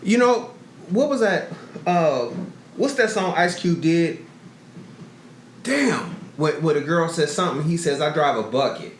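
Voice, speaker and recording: A man's voice: fairly high pitch, very animated, unhurried, long pauses. A middle-aged man co-hosting a podcast, telling profane stories in casual chat and acting out quotes. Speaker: podcast co-host. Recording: roomy echo, faint noise.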